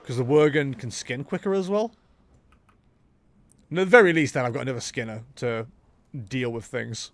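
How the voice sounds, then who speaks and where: A man's voice: medium pitch, normal speed, pauses often, no echo. A young man streaming a game, chatting casually and rambling with jokes as he talks himself into ideas. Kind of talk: casual live-stream chatter while gaming.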